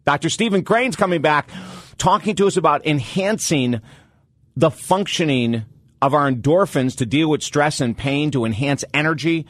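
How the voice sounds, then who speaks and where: Energetic male radio talk show host. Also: fairly high pitch, normal speed, dry recording, studio quality. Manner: energetic, motivational, animated delivery.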